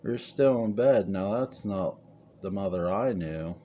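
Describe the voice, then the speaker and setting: A man voicing a gentle, coaxing grown daughter. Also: low-pitched, a little slow, lo-fi sound, slight background noise. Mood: sweet. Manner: soothing, coaxing.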